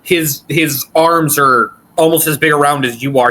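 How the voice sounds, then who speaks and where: Man, game master, tabletop game narration, bright voice, a bit high. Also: steady tone, moderate pace, hardly any pauses, poor audio.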